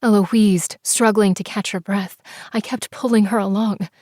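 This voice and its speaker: A woman narrating a first-person romance audiobook, expressive and sometimes dropping to soft whispers. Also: mid-range voice, moderate pace, dry recording, studio quality. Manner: expressive, breathless in tense scenes, shifts into soft whispers.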